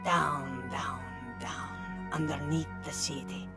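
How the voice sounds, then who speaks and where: An actor voicing an excitable Italian barber in a cartoon, with a bouncy, sing-song manner. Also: male voice, mid-range voice, takes it slowly. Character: jolly Italian barber man, excitable and fussy. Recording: cartoon soundtrack with music.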